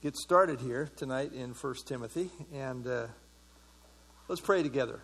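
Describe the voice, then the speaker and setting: A man's voice: medium pitch, normal speed, a bit bright, breathy edge. A man leading an evening Bible study, talking conversationally, full of fillers and putting questions to the audience. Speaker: pastor.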